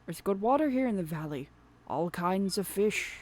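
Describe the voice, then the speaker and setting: A woman voicing a gruff, hearty old fisherman who greets people loudly. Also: lively intonation, moderate pace, natural voice. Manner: loud, booming sailor greetings.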